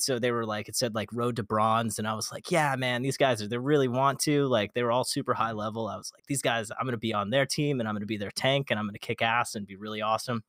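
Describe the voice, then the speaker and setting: A man telling a gaming story in a casual podcast chat, animated, swearing often and acting out quotes. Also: fairly low pitch, dry recording, studio quality. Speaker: podcast guest.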